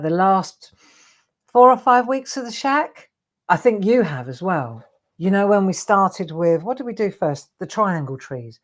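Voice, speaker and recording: Older woman, lower voice, chatty craft livestream host. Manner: chatty, rambling, reads out viewer comments. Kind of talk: casual livestream chat with viewers.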